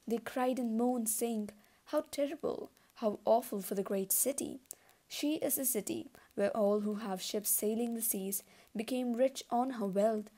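A woman reading scripture aloud at a middle pitch. Her tone is soft and mellow, and she takes each verse in a steady, deliberate way. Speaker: Bible reader.

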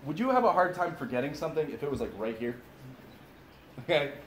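Man, pastor, casual sermon with asides, fairly high voice, echoey room, faint background hum. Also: very animated, fast. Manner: informal, talks straight to the audience with asides. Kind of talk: conversational sermon. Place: father-son camp gathering.

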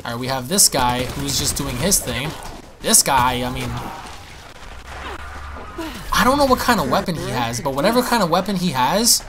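An excitable man narrates his own gameplay as it happens. He swears freely and keeps repeating his words. His voice sits in an ordinary middle range. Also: medium pitch, moderate pace, long pauses, background noise. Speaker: gaming YouTuber. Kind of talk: live gameplay commentary.

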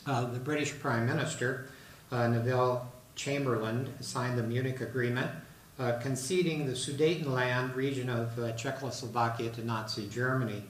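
Male presenter, halting, filler-heavy talk; distant mic in a roomy hall. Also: medium pitch, steady tone, a little hiss or hum. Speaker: speaker giving a talk on an artist. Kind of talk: presentation to an audience. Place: hall in a retirement residence.

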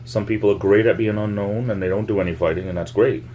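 Deep-voiced man rambling into a vlog. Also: fairly even intonation, fast, mellow, slight background noise. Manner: meandering, repeats phrases, coins words. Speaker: YouTube vlogger. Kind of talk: casual rambling monologue to camera. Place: home, near the laundry.

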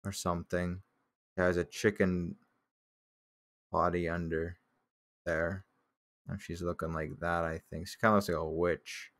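A man's voice: deep voice, little pitch movement, measured pace, pauses often, a bit bright. A young man casually commenting on his old childhood drawings, laid-back and joking, swearing now and then and laughing at himself.

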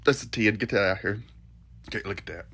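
Bright-voiced man bluntly ranking food. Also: on the low side, a little fast. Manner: blunt, swearing, laughing at himself. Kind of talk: casual food-ranking video.

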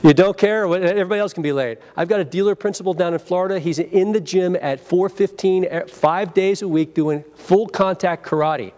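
A high-pitched man talks fairly quickly with few pauses while leading a live sales seminar at a convention. With plenty of energy, he performs phone greetings and gets the audience going in call-and-response.

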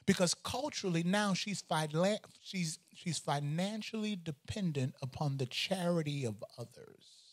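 A man, a pastor, preaching a sermon in an animated, conversational way with humor and repeated phrases. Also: a little high, unhurried.

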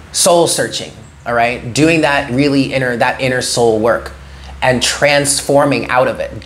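A man's voice: medium pitch, fairly bright tone, a little hiss or hum. A man giving a tarot reading, talking earnestly and encouragingly to the listener and often checking in with "okay?". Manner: frequent "okay?" check-ins. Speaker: tarot reader.

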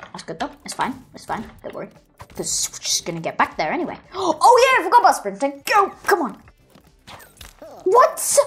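Speaking into a desktop mic at a medium pitch, a gaming video host delivers excitable let's-play commentary packed with gasps and squeals.

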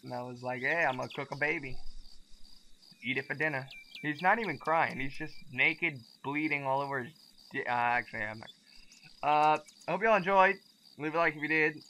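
A young man giving profane, excitable commentary on a game, yelping when startled, with game music behind him. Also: fairly high pitch, a little hiss or hum. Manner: excitable, swears a lot, yelps when startled. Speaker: gaming video host. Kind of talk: let's play commentary.

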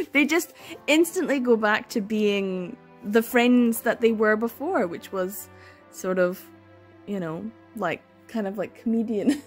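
A young woman chatting casually at home in a reading vlog, gushing and excitable, laughing and sighing often. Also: medium pitch. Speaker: book vlogger.

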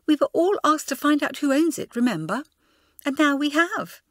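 A woman's voice: sits high, animated, normal speed, fairly bright tone, no room sound, clean studio sound, pitched above the performer's own voice. A woman voicing a sensible schoolgirl who speaks solemnly and soothingly.

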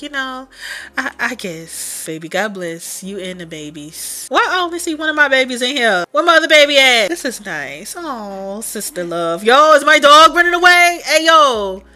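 A woman chats her way through a life-sim game, sassy and full of slang. Her voice is bright and sharp, and her pitch bounces around a lot as she reacts. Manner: sassy, slangy running chatter. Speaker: Sims let's player. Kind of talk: casual game commentary.

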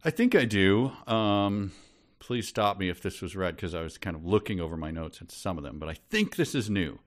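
A man's voice: low voice, expressive, normal speed. A man co-hosting a casual podcast, laid-back and self-deprecating in his joking. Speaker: podcast co-host. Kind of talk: casual chat.

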